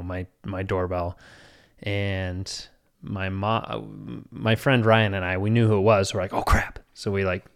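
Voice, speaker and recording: A man in his thirties co-hosting a podcast, telling rambling stories in casual chat and laughing often. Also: deep voice. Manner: rambling, laughs often, animated when quoting others. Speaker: podcast co-host.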